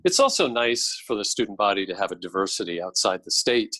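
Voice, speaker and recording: A middle-aged man speaking as a podcast guest and policy expert, explaining in a measured way. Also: on the low side, big pitch swings, sharp tone, no room sound, poor audio. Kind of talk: podcast interview.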